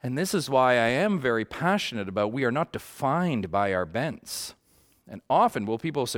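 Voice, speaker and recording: A man's voice: medium pitch, big pitch swings, moderate pace. A man teaching a Bible study group in a conversational way, earnest and passionate, often checking in with his listeners.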